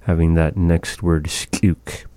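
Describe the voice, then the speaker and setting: A man teaching phrases of a language, sounding them out slowly and pausing to find his words. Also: low voice, flat delivery, warm tone, slight background noise. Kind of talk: slow, patient language lesson.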